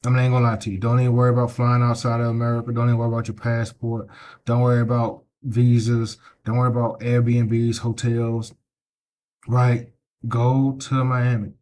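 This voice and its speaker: A man's voice: medium pitch, mellow. A middle-aged man vlogging outdoors on the street, talking into a handheld phone in a preachy way and tagging his points with "right?". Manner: preachy, repeats himself, tags lines with "right?". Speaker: travel vlogger. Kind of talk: casual walking vlog to camera.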